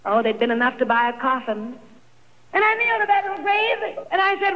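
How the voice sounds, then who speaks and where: A woman's voice: very high-pitched, flat delivery, a little fast. A woman telling her life story as an emotional personal testimony, dramatic and quoting others in her own voice. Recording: dull old archival recording in a reverberant hall.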